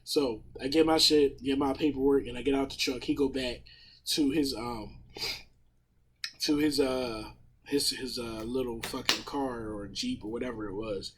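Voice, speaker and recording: A man in casual podcast chat, retelling a story in a profane, animated way with a husky voice. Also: mid-range voice, moderate pace, slight background noise. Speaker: podcast panelist.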